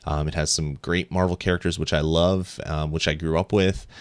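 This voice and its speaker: A man in his thirties co-hosting a gaming podcast, talking excitedly in a rambling way with lots of ums and restarts. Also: a bass voice, moderate pace, clear, resonant tone, no echo. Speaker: podcast co-host. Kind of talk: casual chat.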